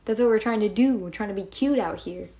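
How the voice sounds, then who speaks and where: A woman's voice: mid-range voice, fairly quick, warm tone. A young woman live-streaming, chatting casually and giggling as she thanks her viewers.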